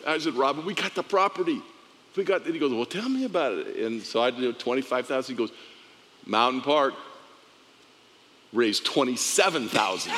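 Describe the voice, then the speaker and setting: A man's voice: medium pitch, in a large hall, background noise. A man, a pastor, tells a testimony story from the pulpit, laughing often and acting out the dialogue.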